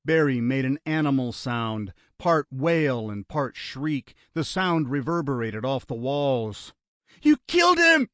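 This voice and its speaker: Unhurried and even in tone, a male narrator voices a thriller audiobook in an ordinary middle pitch. The sound is close-miked and dry, free of any room ambience.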